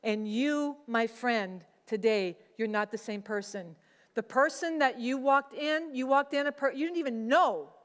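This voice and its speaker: Woman pastor, casual sermon, higher voice, long hall reverb. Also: unhurried. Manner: conversational, acts out quoted voices.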